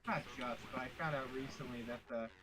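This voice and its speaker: A man's voice: mid-range voice, a little fast, rough recording. A young man from Pennsylvania rambling casually while gaming, swearing heavily and filling gaps with "like". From Pennsylvania, USA. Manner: rambling, heavy swearing, fillers like "like". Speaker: gamer.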